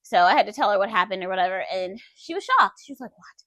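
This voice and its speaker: A woman's voice: medium pitch, animated, quick pace, fairly bright tone, dry recording, clean studio sound. A woman telling a personal story to her viewers in a candid, conversational way. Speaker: vlogger.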